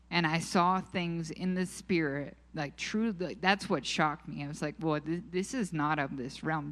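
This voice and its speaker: A woman speaking to a church group, sharing personal faith stories in a conversational way and acting out quoted dialogue. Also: lowish voice.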